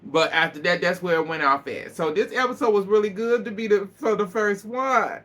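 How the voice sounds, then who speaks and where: A man's voice: sits high, fairly quick, fairly bright tone. A man giving a casual, profane recap of a reality TV episode, laughing often as he talks. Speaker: reaction vlogger.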